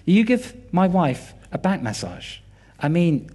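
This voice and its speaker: A man's voice: high voice, very animated, a little slow, darkish tone, slight background noise. A British man in his forties giving a sermon, telling personal family stories and acting out quoted dialogue with animation.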